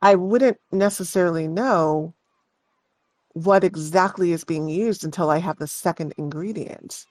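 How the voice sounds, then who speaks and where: A woman voicing a knowledgeable, concerned male shopkeeper who explains in a measured way. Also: fairly low pitch, darkish tone, no room sound, natural voice. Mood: thoughtful.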